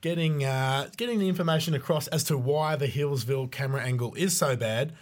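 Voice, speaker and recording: Jokey Australian podcast host. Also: male voice, mid-range voice, brisk. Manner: jokey, steering the conversation. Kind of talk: casual podcast chat.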